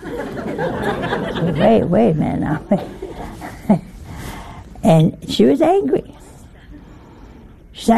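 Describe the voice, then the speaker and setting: Slow, gravelly woman teaching scripture. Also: on the high side, huge pitch swings, warm tone. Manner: folksy, humorous, with rhetorical questions. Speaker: religious teacher.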